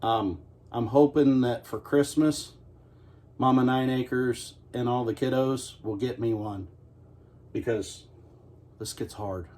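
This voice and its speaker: A man's voice: mid-range voice, steady tone, measured pace, dark tone. A middle-aged man giving a casual, joking baking demonstration in his home kitchen, talking the viewer through each step in a folksy, self-mocking way. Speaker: homestead cooking host.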